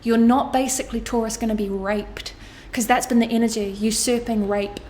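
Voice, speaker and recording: A tarot card reader addresses her viewers in a fairly high, darkish voice, keeping a steady tone and moderate pace over a faint hiss or hum. She sounds sincere and emotional, often repeating phrases and dropping casual swear words as she does her astrology reading.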